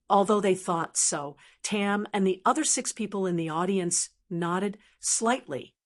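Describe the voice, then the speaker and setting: A woman narrating a fantasy novel audiobook at a middle pitch. Her reading is steady and even throughout.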